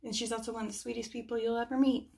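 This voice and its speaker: A woman's voice: on the high side, little pitch movement, racing, gravelly, darkish tone. A young woman chatting casually about books she recommends, rambling a little with lots of fillers. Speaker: book reviewer. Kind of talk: casual chat.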